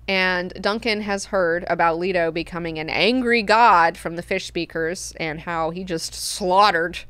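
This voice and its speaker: A woman in her thirties hosting a book club, casually recapping chapters in an animated, amused and profane way. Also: on the low side, clear, resonant tone, no room sound.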